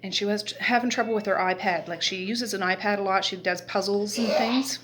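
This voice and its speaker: Talking fairly quickly with fairly even intonation, a middle-aged mother from Nova Scotia vlogs casually about her day at home from a rocking chair. Her medium-pitched voice comes with background noise, and she rambles through stories using lots of fillers.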